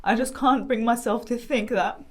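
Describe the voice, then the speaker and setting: A young woman giving an emotional, halting testimony as a podcast guest, often restarting and breaking into nervous laughs. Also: fairly high pitch, steady tone. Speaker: guest sharing her family's story.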